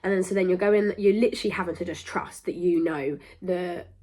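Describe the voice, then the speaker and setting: Talking fairly quickly in a warm, lowish voice, a young podcast host speaks casually straight to camera. She rambles, stresses her points emphatically, and keeps cutting herself off.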